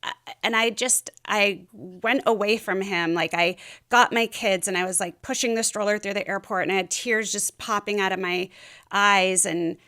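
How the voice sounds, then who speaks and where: A woman's voice: medium pitch, fairly even intonation, moderate pace, sharp tone. A middle-aged woman speaking as a podcast guest, telling her story candidly and rambling a little, with plenty of fillers. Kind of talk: casual interview chat.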